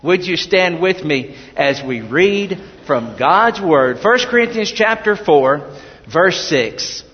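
A man preaching from the pulpit in an easy drawl, earnest and folksy, poking fun at himself now and then. His voice sits fairly high. The recording is dull and muffled, with a long reverb from a large church hall. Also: expressive, slow. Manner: folksy, earnest preaching with self-deprecating asides. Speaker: pastor. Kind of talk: sermon. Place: church sanctuary.

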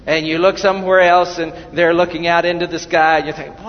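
A pastor with a fairly high voice delivers a sermon in a folksy, conversational style, looping back and restarting sentences as he tells stories, his delivery flat and a little fast. A long echo fills the church sanctuary around him. The audio sounds dull and muffled, with a faint hum beneath it.

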